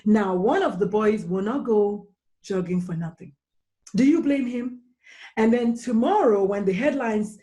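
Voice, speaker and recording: A woman's voice: mid-range voice, warm tone. A woman speaking as a podcast guest in a casual discussion, impassioned and blunt, firing emphatic questions.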